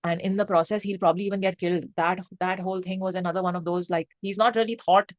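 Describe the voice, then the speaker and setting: A young woman reviewing a film in casual, excitable speech, swearing freely and mixing in Hindi phrases. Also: on the low side, fast talker, no room sound, highs cut off. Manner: emphatic, excitable, mixes Hindi phrases into English; swears freely, lots of fillers like 'um' and 'like'.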